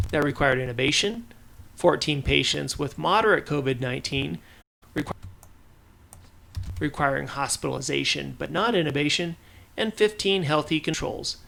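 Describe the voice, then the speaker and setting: A man's voice: fairly high pitch, creaky, fairly bright tone, a little hiss or hum. A man reading medical research news for a podcast, often stumbling and restarting on technical terms. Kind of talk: reading science news script.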